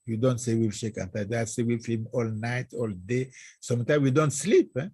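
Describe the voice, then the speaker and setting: Husky man, halting speech. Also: medium pitch, no echo. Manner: halting, searching for English words, animated storytelling. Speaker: guest scholar. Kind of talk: reminiscing interview talk.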